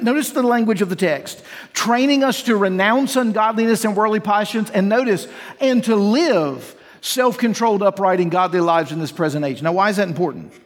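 High-voiced pastor preaching in a reverberant hall. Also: male voice. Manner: earnest preaching, rhetorical questions, voices imagined inner talk. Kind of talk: sermon. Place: church sanctuary.

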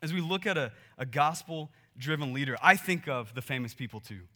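A young adult man, a pastor, preaching a sermon in a conversational way, dropping to quiet earnest passages and rising to loud animated ones. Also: mid-range voice, fairly quick.

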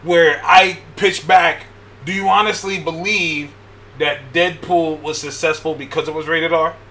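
A man in casual chat, excitable and laughing as he pitches ideas, swearing freely along the way. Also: unhurried, slight background noise.

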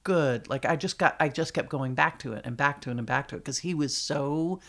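A middle-aged woman with a notably low voice hosts a casual podcast chat. She talks loosely and laughs easily, steering toward the next segment. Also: a little fast, vocal fry. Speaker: podcast host.

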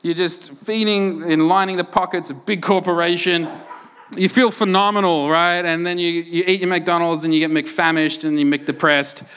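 A man's voice: on the high side, steady tone, normal speed, a bit bright, smooth. A young adult Australian man preaching a sermon in a conversational, self-mocking storytelling way, often asking "right?". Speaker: pastor.

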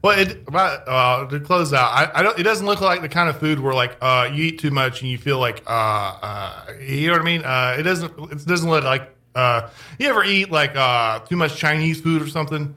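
A man from Texas hosting a casual podcast chat, talking in halting starts and restarts. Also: a little high, sharp tone.

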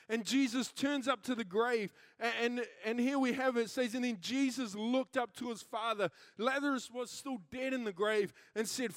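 A man's voice: extremely high pitch, no echo, clean studio sound. A man preaching a sermon, telling stories energetically and acting out the people in them. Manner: animated storytelling, acting out quoted characters. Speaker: pastor.

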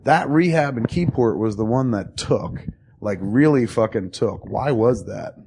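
A man's voice: medium pitch, expressive, a little slow, warm tone, breathy edge. A middle-aged man in casual conversation, telling a long profane story and acting out what people said. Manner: rambling, profane, acts out quoted dialogue.

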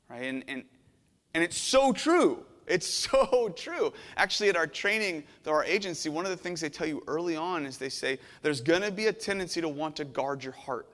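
Earnest pastor with a hall echo. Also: male voice, on the high side, lively intonation, moderate pace. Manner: earnest, emotional, shifting from hushed to intense. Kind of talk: sermon. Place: church sanctuary.

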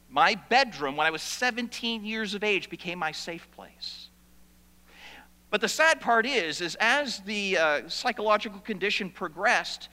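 A man preaching a sermon, telling stories that swing from loud to hushed. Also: high-pitched. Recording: long reverb of a large hall.

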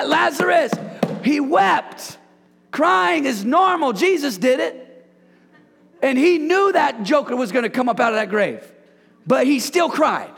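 A man preaching in a church, pushing his congregation to speak lines back to each other. His voice sits very high with a gravelly edge. A long hall reverb trails after his words. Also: a bit bright. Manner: exhorting, calls on the congregation to repeat lines. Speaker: pastor. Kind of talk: sermon.

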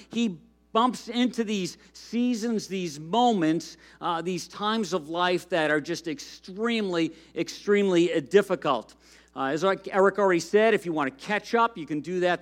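A man preaching a sermon in a conversational way, with frequent fillers, and reading a storybook aloud to the congregation. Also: a little high. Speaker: pastor.

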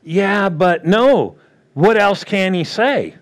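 A man preaching a sermon in a slightly raised, lightly higher voice. He keeps it plain-spoken and conversational, firing off rhetorical questions and acting out little back-and-forth quotes to drive each point home. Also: animated, takes it slowly. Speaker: pastor.

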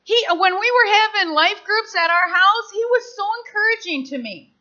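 A woman pastor delivers a sermon in a high, bright voice, talking to the congregation like she is chatting with them and slipping into the voices of the people she quotes. She sounds middle-aged, and her delivery is heartfelt and energetic. The recording is somewhat dull and lo-fi. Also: normal speed. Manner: impassioned, conversational preaching with acted-out quotes.

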